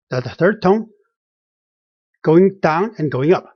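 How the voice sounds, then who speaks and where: A husky-voiced teacher leads a beginner lesson at a slow, careful pace, repeating every phrase and pausing on fillers. The pitch swings widely while modelling each word. The sound is dry and dull, like a lo-fi home recording. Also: lively intonation, no echo. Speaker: language teacher.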